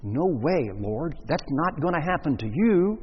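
A man's voice: a little high, sing-song, unhurried, slight background noise. A man voicing an impulsive male disciple who blurts out eager protests, in a dull church recording with long reverb. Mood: protesting. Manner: blurting, emphatic.

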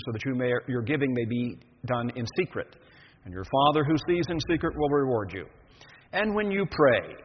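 An older man preaching a sermon as pastor, reading scripture then explaining it in a measured, earnest way. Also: medium pitch, a little hiss or hum. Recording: echoey dull lo-fi hall recording.

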